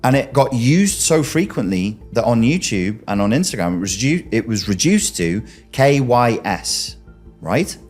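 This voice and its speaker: A man's voice: mid-range voice, very animated, unhurried, darkish tone, soft background music. A man hosting a commentary, arguing emphatically and throwing rhetorical questions straight at the listener. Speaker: commentary host. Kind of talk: argumentative commentary.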